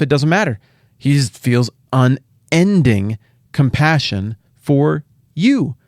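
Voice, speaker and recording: A middle-aged man hosting a podcast, teaching the Bible in a casual, animated way with jokey asides and playful paraphrases. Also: a little high, a little slow, dry recording, studio quality.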